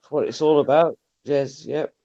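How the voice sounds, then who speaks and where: A man's voice: a little high, steady tone, moderate pace, warm tone, muffled recording. A man in casual chat who keeps agreeing with the host in short replies.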